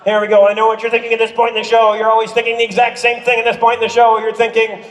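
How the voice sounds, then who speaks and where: A man performing as a juggler, doing comic crowd-work with dad jokes and coaxing the audience into shouted cues. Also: very high-pitched, monotone, very fast. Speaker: juggler performing a stage show. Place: crowd at an outdoor festival show. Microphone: far from the streamer's camera mic. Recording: distant, roomy, loud music behind.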